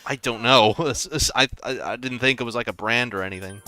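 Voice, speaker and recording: A man with a posh British accent, co-hosting a game let's play in relaxed, hesitant chat. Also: medium pitch, a little fast. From Britain. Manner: hesitant, laughs often. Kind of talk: casual chat over gameplay.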